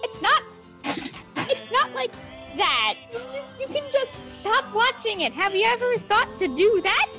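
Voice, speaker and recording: A woman with a very high, bright, sharp voice chats casually. Her pitch swings widely as she teases lively. Faint music hums underneath. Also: unhurried, rough recording. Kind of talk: casual chat.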